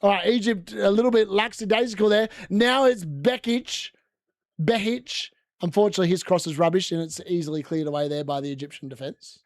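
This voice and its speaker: A man hosting a casual live football watchalong, excitable and shouting when goals go in. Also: high-pitched, fast talker, hardly any pauses, no echo, clean studio sound. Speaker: watchalong host. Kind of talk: casual live match commentary.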